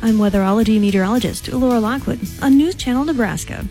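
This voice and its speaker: A woman meteorologist reading a scripted radio weather forecast, brisk and upbeat. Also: a little high, music in the background, rough recording.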